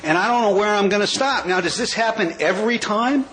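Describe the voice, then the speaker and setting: A man's voice: high-pitched, a bit bright, slight background noise, poor audio. A man in his sixties from California, giving a wry, joke-filled recovery talk as a speaker at a large gathering. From California, USA. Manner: wry storyteller, quick jokes. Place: convention hall.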